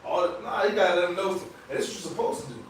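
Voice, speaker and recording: A man with a slightly high voice leads a Bible study in loose, chatty talk, checking in with "right?" as he goes. He is heard from a distance in a very echoey room. A faint hiss runs underneath. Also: racing.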